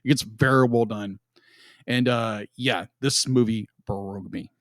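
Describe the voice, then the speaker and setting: A man's voice: fairly low pitch, steady tone, unhurried, dry recording. A young man co-hosting a podcast, gushing emotionally about a film in casual chat and repeating himself often. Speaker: podcast co-host.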